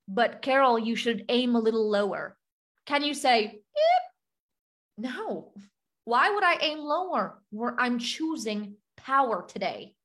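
Woman, motivational host, higher voice, unhurried, emphatic questioning delivery. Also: a bit bright. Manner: emphatic, rhetorical questions, acts out inner voices. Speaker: podcast host and business coach. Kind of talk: motivational coaching talk to live viewers.

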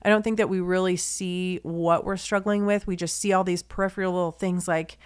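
A young adult woman hosts a podcast, rambling through a heartfelt, confiding monologue with fillers and restarts that turns emotional. Her fairly low voice is smooth and brisk with fairly even intonation.

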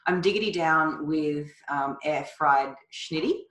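An Australian woman with a low voice co-hosts a podcast, chatty and playful, stretching out her words. The sound rings a little, like a room with hard surfaces. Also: a little slow, fairly bright tone, reverberant. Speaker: podcast co-host. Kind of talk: casual chat.

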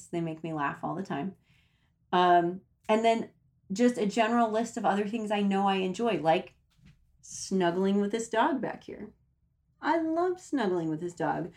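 A woman speaking casually to her viewers, giving self-help advice in a chatty way and repeating words for emphasis. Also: medium pitch.

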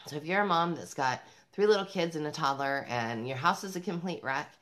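A woman's voice: deep voice, animated, a little fast, a bit bright. A woman talking to the camera as a parenting vlogger, upbeat and emphatic, speaking straight to other mothers and laughing between points. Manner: upbeat, emphatic, addresses viewers directly. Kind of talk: motivational talk to camera.

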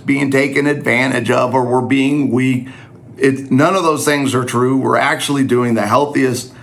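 A man teaching in a conversational sermon style, earnest and self-deprecating. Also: medium pitch.

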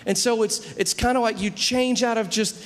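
A man's voice: high voice, fairly even intonation, normal speed, in a large hall. A middle-aged man preaching a conversational sermon, often stopping to ask whether the listeners follow. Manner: conversational preaching, often asks "do you see?". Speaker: pastor.

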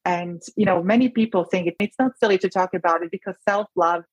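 A woman's voice: lowish voice, a little fast, husky, dry recording, poor audio. A woman physician, a podcast guest, talking earnestly and with emotion, often restarting her sentences. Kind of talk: podcast interview.

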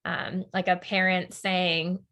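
A woman's voice: lowish voice, flat delivery, takes it slowly, bright, forceful tone. A woman hosting a podcast interview, chatting in an affirming, casual way with many fillers. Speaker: podcast host.

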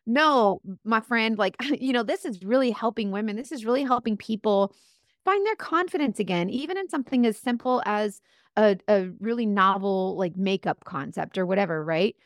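A young woman speaks earnestly in a podcast interview, her voice sitting at an ordinary middle pitch. She tells her story with animated energy, full of fillers and restarts, recorded close and dry with no room sound. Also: clear, resonant tone, no room sound. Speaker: guest, top makeup seller.

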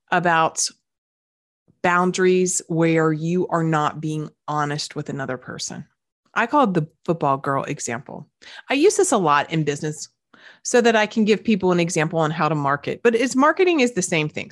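A middle-aged woman hosting a casual solo podcast as a coach, chatty and direct with quick asides. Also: fairly low pitch. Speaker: podcast host and business coach.

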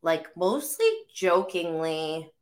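A woman's voice: on the low side, expressive, slow pace. A woman in her thirties hosting a podcast, chatting casually and rambling with lots of fillers, coughing while getting over the flu. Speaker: podcast host and mother. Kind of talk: casual chat.

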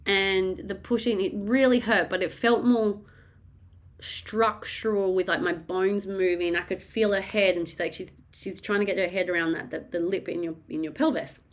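A woman candidly recounting her birth story, frank and animated, swearing freely. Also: medium pitch, normal speed.

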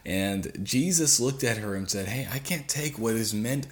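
A man's voice: fairly low pitch, normal speed. A man, a father, preaching a sermon in an earnest, pleading way, repeating phrases for weight.

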